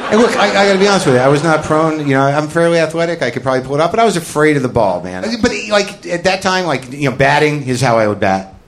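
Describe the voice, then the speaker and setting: A man's voice: on the high side, very animated, fast, few pauses, some chatter behind. Self-mocking male stand-up storyteller. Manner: rambling, self-deprecating confessional storytelling; jumps into loud shouted character bits. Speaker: stand-up comedian. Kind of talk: stand-up comedy routine.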